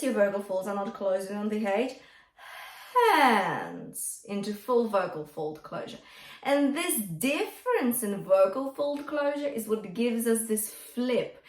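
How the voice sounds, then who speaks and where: A woman singer and vocal coach teaching a song gently and encouragingly, and singing short lines to show each technique. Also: a little high. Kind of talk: singing lesson with sung demonstrations. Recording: echoey room with faint guitar music.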